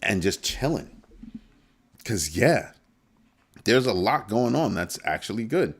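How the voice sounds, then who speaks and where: A man hosting a casual live-stream crypto show, talking through numbers with animated swings between calm and mock panic. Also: fairly low pitch, slow pace, breathy edge.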